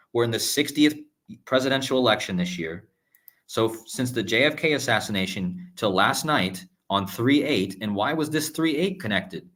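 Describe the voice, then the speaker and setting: Speaking in a mid-range, slightly bright voice, a male numerology host runs a live-stream monologue while sharing his screen. He keeps pressing viewers with repeated "okay?" and "guys," pausing often to start sentences over.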